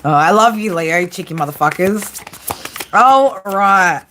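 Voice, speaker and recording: A woman hosting a relaxed live tarot stream at a medium pitch, joking with her audience and sprinkling in swear words between card pulls. A faint hiss sits under her close, informal voice. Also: a little slow. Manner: teasing, profane banter with viewers. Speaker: psychic tarot reader.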